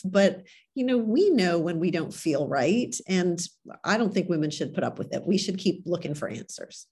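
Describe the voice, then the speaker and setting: A woman's voice: fairly low pitch, lively intonation, moderate pace, dark tone, breathy edge. A woman doctor interviewed as a guest on a podcast, speaking earnestly and conversationally. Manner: earnest, conversational, fond of "like" and "right".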